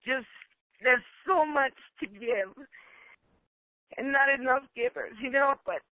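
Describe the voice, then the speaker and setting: A woman calling into a conference call, earnest and emotional, talking in halting bursts with fillers. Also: high-pitched, no echo. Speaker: caller. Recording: tinny phone line.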